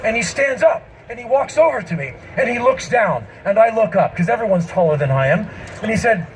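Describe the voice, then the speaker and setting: A man in his fifties telling a comic story on an outdoor festival stage into a stage microphone, emphatic and breaking into shouts. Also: high-pitched, big pitch swings, a little fast, a little hiss or hum, poor audio. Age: 50s. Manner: emphatic, bursts into shouting, mimics people. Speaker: spoken-word performer. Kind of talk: stand-up storytelling.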